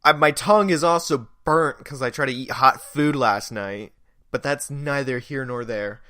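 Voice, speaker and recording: A young man hosts a casual solo podcast, rambling and poking fun at himself. His voice is bright and a little stuffy from a cold. It is recorded close on the mic in a dry, dead room. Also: medium pitch, moderate pace, no room sound. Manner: rambling, self-deprecating, joking. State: stuffy nose. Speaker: podcast host.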